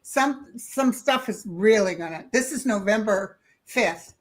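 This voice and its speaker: A woman in a casual political chat on a video call, emphatic and quick to agree. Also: mid-range voice, animated.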